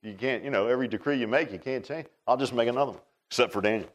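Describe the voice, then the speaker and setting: A man preaches in a folksy, storytelling way. His voice sits a little high for a man, and he jumps between loud exclaims and quiet asides. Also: big pitch swings, fast talker, hardly any pauses, dull audio. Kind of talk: sermon.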